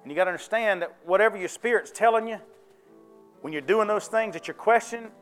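A man's voice: high voice, quick pace, a bit bright, clear, resonant tone, soft background music. A man preaching a sermon to his church, folksy and conversational, often checking in with the congregation. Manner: folksy, conversational preaching with call-and-response questions. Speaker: pastor.

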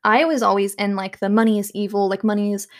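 A young woman at home talking casually about self-help, chatty and full of fillers, with soft laughs. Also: medium pitch, fairly even intonation, fast talker. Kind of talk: casual monologue.

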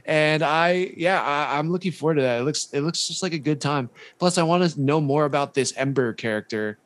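A man's voice: a little high, a little fast, no echo. A man hosting a podcast with a Hawaiian accent, chatting casually and steering the conversation with lots of fillers. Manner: relaxed, filler-heavy, moderating the talk. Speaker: podcast host. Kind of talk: casual chat.

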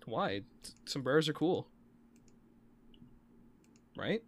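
A man's voice: on the high side, big pitch swings, slow pace, slightly rough. A man co-hosting a casual podcast, rambling with many restarts and casual swearing. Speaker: podcast co-host. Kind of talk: casual chat.

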